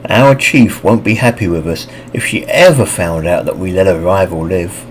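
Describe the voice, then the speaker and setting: A man's voice: low-pitched, moderate pace, a little hiss or hum, voice pushed down, close to an everyday voice, poor audio. A male narrator voicing a blunt, ruthless female harpy who carries butcher's knives. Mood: cold.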